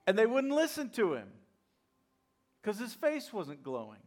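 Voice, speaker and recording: A man's voice: high-pitched, wildly swooping pitch, a little slow, long pauses, a little mellow, soft background music. A male pastor preaching a sermon, repeating key lines and acting out the voices of skeptics. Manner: repetitive call-and-response preaching, acts out skeptics.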